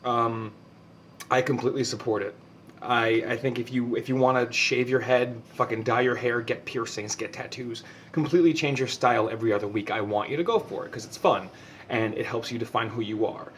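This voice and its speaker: A man's voice: medium pitch, steady tone, a little fast, fairly bright tone, a little hiss or hum. A young man giving a heartfelt personal monologue to camera, passionate and emotional, swearing often and tripping over repeated words. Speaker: vlogger.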